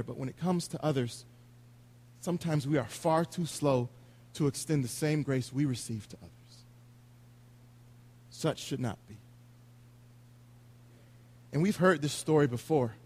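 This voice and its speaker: A man's voice: on the high side, a little mellow. A man preaching a sermon in an earnest, confessional way, retelling scripture in everyday words.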